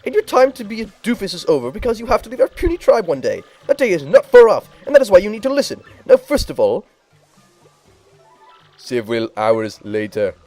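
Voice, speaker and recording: A man's voice: sits high, wildly swooping pitch, a little fast, a little mellow, soft background music, voice pushed up, exaggerated voice. A man voicing a crotchety, bossy old female tribal elder in a game playthrough, scolding and barking orders.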